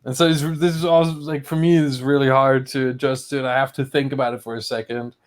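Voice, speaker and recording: A man with a German accent, a native German speaker, chatting on a livestream, careful and slow with his words and often laughing. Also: mid-range voice, little pitch movement. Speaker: stream co-host. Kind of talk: casual chat on a livestream.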